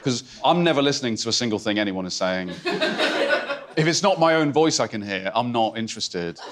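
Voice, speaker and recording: A man's voice: medium pitch, expressive, fairly quick. A man doing stand-up comedy in a theatre, talking in a hesitant, awkward, mock-intimate way with sudden outbursts. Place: theatre stage before a laughing audience. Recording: loud crowd laughter in a theatre. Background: audience laughter.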